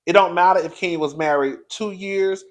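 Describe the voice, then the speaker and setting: A man hosting his own video show, giving a blunt, profane, animated commentary straight to his viewers. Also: high voice, brisk. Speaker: online show host reviewing reality TV.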